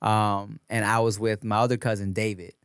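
A man co-hosting a podcast, joking crudely in relaxed casual chat. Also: on the low side, moderate pace, smooth, dry recording, studio quality. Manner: laid-back, crude joking. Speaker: podcast co-host.

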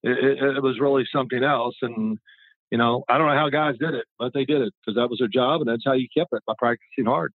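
Medium-pitched and quick, this man in his sixties, once a quarterback, rambles through stories as a guest in a casual interview. He restarts often, and the recording comes through a tinny, phone-like line without any echo.

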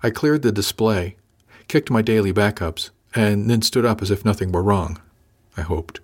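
A man reading a first-person science fiction story aloud in a measured, dry manner. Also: fairly low pitch. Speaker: narrator. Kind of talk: scripted first-person audiobook narration.

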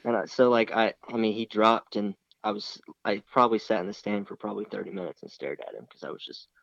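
A man's voice: lowish voice, quick pace, gravelly, fairly bright tone, dry recording, highs cut off. A young man casually retelling a hunting story, rambling and acting out the dialogue. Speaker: hunter telling a story.

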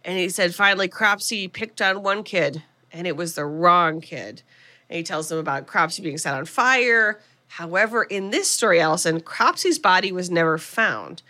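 Woman podcast co-host, bright and animated, comic film recap full of quick character voices. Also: on the low side. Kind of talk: casual comedic film recap.

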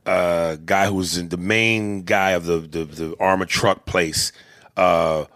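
A man's voice: low voice, fairly even intonation, slow pace, a bit bright, dry recording, studio quality. A man co-hosting a casual movie chat, rambling and crude, joking and laughing often. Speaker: podcast co-host.

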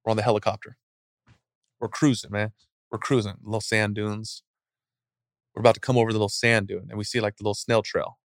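A man giving a casual motivational talk as a guest speaker, acting out scenes in an animated, storytelling way. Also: lowish voice, brisk, pauses often, no echo, clean studio sound.

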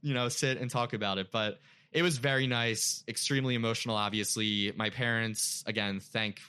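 Bright-voiced young man telling a story. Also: medium pitch, fairly even intonation, normal speed, clear, resonant tone. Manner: emotional storytelling, lots of "like" fillers. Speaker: podcast guest. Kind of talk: casual chat.

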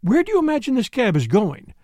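A woman's voice: a little high, huge pitch swings, a little fast, dark tone, dry recording, studio quality, voice pushed up. A man voicing a resolute, indignant young woman. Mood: bitter. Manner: firm, clipped and insistent.

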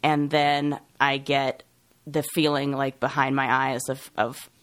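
A woman co-hosting a podcast, talking openly about her own feelings with halting restarts. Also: a bass voice, little pitch movement, dry recording. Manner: open, confessional, halting with restarts. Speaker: podcast co-host. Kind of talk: casual podcast chat.

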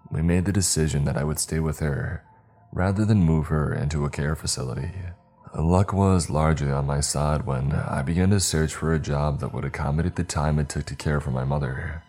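A man narrating a story in a measured, somber way. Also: rumbling low, a little mellow. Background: faint music.

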